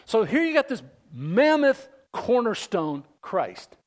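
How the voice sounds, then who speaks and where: Emphatic high-voiced preacher man. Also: sing-song, takes it slowly. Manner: emphatic preaching with wide swings from loud declarations to hushed near-whispers; asks the congregation questions. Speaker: pastor. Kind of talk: sermon.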